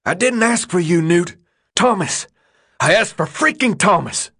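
A scratchy, wheezing teenage boy, sick and bedridden, as a man reads him in an audiobook. His voice croaks weakly, then cracks upward into strained yelling. The pitch swings far and wide. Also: sing-song, drawn-out words, no echo, clean studio sound, full character voice. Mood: furious. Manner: weak croaks breaking into high yells.

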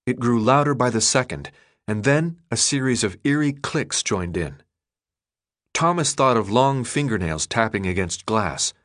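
Man, audiobook narrator, steady, measured, mid pitch, dry close sound. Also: dry recording.

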